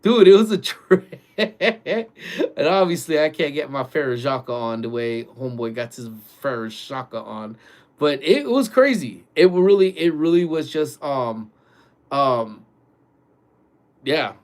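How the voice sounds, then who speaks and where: A man vlogging from his workplace early in the morning, telling a ghost story in a loose, animated way full of "like" and "dude". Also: a little high, measured pace. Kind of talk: casual storytelling.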